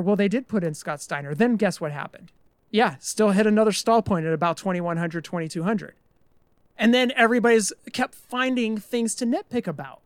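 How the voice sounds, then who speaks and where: A man's voice: high-pitched, a little fast, dry recording. Dry-voiced man ranting on a podcast. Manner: ranting, exasperated, swears mildly. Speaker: podcast co-host. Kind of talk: casual podcast chat.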